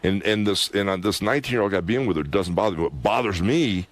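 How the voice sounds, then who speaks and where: A man's voice: low-pitched, fast, dry recording. A middle-aged man, a former wrestler, telling a long personal story as a radio guest, emphatic and rambling with lots of "you know" and "anyway". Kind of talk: candid radio interview storytelling.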